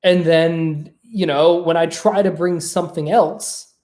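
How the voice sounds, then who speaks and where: A podcast host speaking in a relaxed, conversational way, sprinkling in fillers and asking "right?" now and then. The host tells personal stories with animation and acts out both sides of remembered conversations. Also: medium pitch, measured pace. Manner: animated storytelling, acting out quoted exchanges. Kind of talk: casual monologue.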